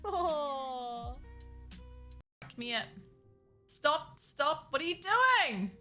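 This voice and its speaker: A young woman streaming a building game, chatting casually with viewers, giggly and excitable and reacting loudly to surprises. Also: high voice, drawn-out words. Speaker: Minecraft streamer. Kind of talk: casual live-stream chat. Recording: faint music under the voice.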